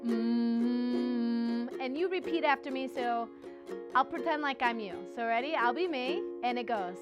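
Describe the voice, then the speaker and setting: Music plays in the background as a woman, a music teacher hosting a show, leads a playful children's-style singing lesson, encouraging listeners and showing the way with hums and cat noises. Her voice is a little high and a bit slow, and the highs are cut off.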